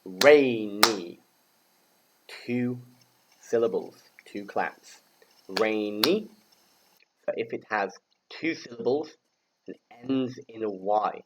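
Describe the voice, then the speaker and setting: A man's voice: fairly low pitch, takes it slowly, long pauses, background noise. A man from the UK teaching English grammar to learners, speaking patiently, spelling out letters and repeating words for them to say back. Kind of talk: slow, clear classroom instruction for learners.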